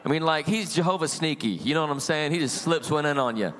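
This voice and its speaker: A middle-aged male pastor preaching a sermon and telling his testimony in an animated storytelling way, acting out voices in the story. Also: on the high side, quick pace, long reverb tail. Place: church.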